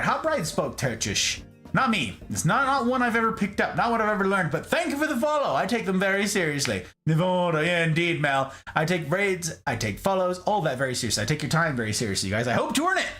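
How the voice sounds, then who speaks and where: A man hosting a live stream, chatting casually and greeting his viewers in a playful, animated way. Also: a little high.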